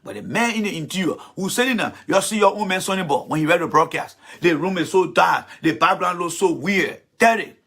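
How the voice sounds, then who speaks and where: A man's voice: high-pitched, expressive, fairly quick, hardly any pauses, a bit bright. A man delivering a heated political rant as host, blunt, profane and confrontational.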